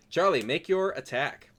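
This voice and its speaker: Lively-voiced man running the game. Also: on the high side. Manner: descriptive, halting with fillers. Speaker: dungeon master. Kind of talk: narrating a tabletop game.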